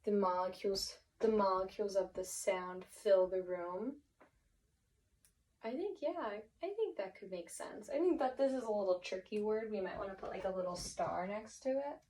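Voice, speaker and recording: A woman's voice: mid-range voice, normal speed, darkish tone, far from the mic, low-quality recording. A woman teacher walking a class through vocabulary in an encouraging way, thinking aloud and often restarting her sentences. Her voice sits in a middle register and is picked up from a little way off the mic.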